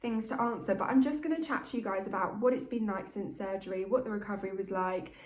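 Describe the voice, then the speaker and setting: A vlogger speaks to camera in a mid-range, slightly mellow voice, talking fast. She is candid, open and chatty, as if confiding in a best friend. The sound is roomy.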